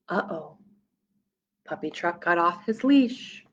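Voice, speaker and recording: Animated woman reading aloud to kids. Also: medium pitch, slow pace, muffled recording. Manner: animated, gasping, playful sound effects. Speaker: children's librarian. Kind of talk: storytime read-aloud.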